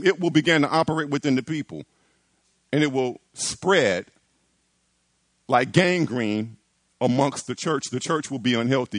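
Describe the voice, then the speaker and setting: There's no echo as a man, a pastor with a voice on the high side, preaches to his church. He builds his points through repetition and rising, emphatic lines in a lively sermon style.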